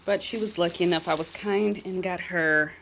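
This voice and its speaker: Woman vlogger, lowish voice, teasing and dry, indoor apartment. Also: normal speed, gravelly, background noise. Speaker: vlogger and mother. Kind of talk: casual vlog narration.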